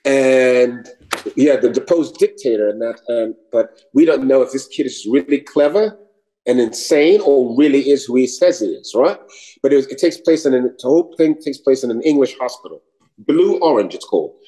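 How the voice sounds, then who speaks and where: A man from New York, an actor and comedian, telling anecdotes in an animated way, switching voices and swearing casually. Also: mid-range voice, normal speed, low-quality recording. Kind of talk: anecdotal storytelling.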